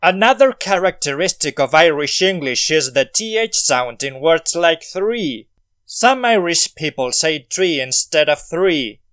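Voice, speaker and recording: Smooth-voiced man narrating a language lesson. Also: a little high, expressive, a little slow, a bit bright. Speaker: language video host. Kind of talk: scripted educational narration.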